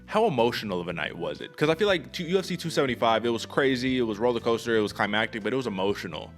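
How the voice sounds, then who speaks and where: A man's voice: medium pitch, lively intonation, very fast, soft background music. A man hosting a casual sports podcast, talking energetically and emphatically to his co-host.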